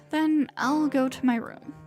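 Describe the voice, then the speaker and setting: A woman streamer reading a visual novel aloud in a dramatic, hushed way, sometimes sinking into whispers. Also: sits high, fairly even intonation, soft background music. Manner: slow and hushed, sinking into whispers in tense passages.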